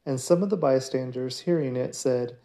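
A man giving a daily scripture reading in a measured, steady way. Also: mid-range voice. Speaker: scripture reader.

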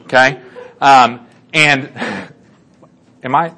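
A man's voice: medium pitch, takes it slowly, pushed and bright. Guy telling a bible story to a group, super casual and chatty, lots of ums. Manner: chatty, lots of fillers and restarts, asks listeners for agreement. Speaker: Bible teacher.

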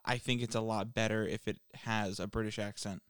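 A man co-hosting a casual podcast, laid-back and cracking deadpan jokes. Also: on the low side, a little fast, clear, resonant tone, no room sound, clean studio sound. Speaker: podcast co-host.

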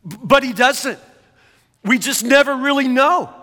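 A man's voice: very high voice, a little slow, bright, forceful tone, long reverb tail. A man preaching a sermon as a pastor, talking conversationally and often stammering into restarts.

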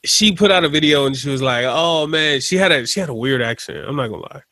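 A man co-hosting a podcast in casual chat, telling stories in a rambling, animated way. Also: mid-range voice, fast, dry recording. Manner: rambling, animated storytelling with laughs. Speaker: podcast co-host.

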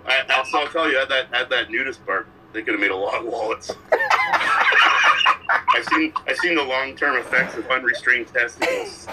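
A man cracking jokes on a casual podcast, bantering and laughing loudly. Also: medium pitch, wildly swooping pitch, moderate pace, background noise. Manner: joking banter, loud laughs. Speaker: podcast co-host.

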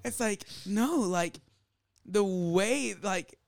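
A man co-hosting a casual faith podcast, animated and laughing, acting out little quoted voices as he talks. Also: high-pitched, very slow, vocal fry, no room sound, clean studio sound. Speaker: podcast co-host.

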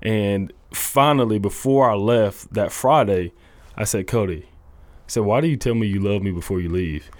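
A young man, a college football coach, telling his faith story in a halting, earnest way full of restarts. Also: lowish voice, dry recording. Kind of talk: casual testimony interview.

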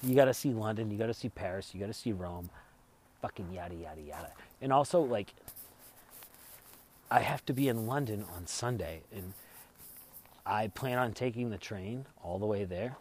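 A man's voice: lowish voice, normal speed, long pauses, darkish tone. A man vlogging as he travels, telling a rambling, profane story in casual chat. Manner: rambling, profane, laughs while retelling.

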